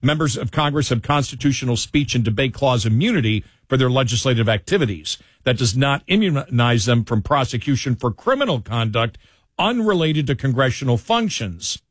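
A male radio host in a studio, rambling through banter and then reading a column aloud. His mid-pitched voice sounds dry and close, with hardly any room around it. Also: lively intonation, fairly quick, no room sound. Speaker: radio talk show host. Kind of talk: casual talk radio banter and commentary. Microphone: studio headphones and mic.

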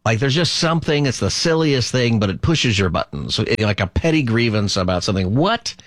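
A man's voice: mid-range voice, very animated, a little fast, no room sound. A middle-aged man hosting a call-in radio talk show, chatty and rambling, often laughing.

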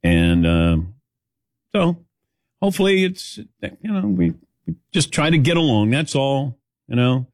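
A man hosting a sports talk show in a casual, rambling way, acting out the lines of people in his story. His voice sits at a middle pitch and comes across dry, with no room sound around it. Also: a little slow, long pauses, no echo. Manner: rambling, animated storytelling with mimicked quotes.

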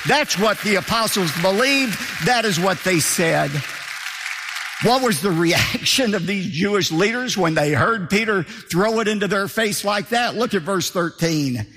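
A forceful male preacher gives a sermon at a measured pace, his high, bright voice bouncing energetically as he repeats key phrases for emphasis. A faint crowd can be heard, and the audio echoes with a large hall's long reverb.

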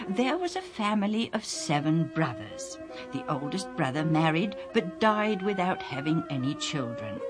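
A woman voicing a male Sadducee spokesman who poses a trick question in a mock-solemn storybook manner. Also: on the low side. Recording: music playing underneath.

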